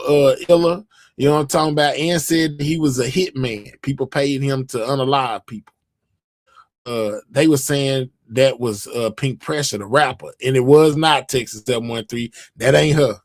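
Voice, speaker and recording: A man's voice: medium pitch, dry recording, clean studio sound. A man hosting a live stream, chatting casually and reading out viewer comments, rambling with many fillers and restarts. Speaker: livestream host.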